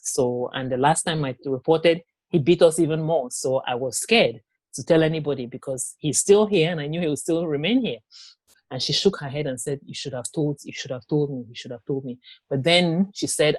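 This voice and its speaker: A woman giving a personal testimony in an interview, telling her story haltingly with pauses, restarts and quoted dialogue. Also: deep voice, dry recording. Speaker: interview guest.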